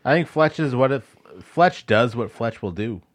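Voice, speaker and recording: A man co-hosting a relaxed chat podcast, throwing in teasing quips. His voice sits mid-range but moves around with lively swings of pitch. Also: moderate pace. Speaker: podcast co-host. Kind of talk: casual chat.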